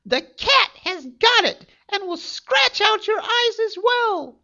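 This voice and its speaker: Wicked enchantress, shrill, very high, gloating, storybook, dull lo-fi recording. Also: very animated, slow pace, sharp tone, heavily acted. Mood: mocking. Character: wicked mocking female enchantress.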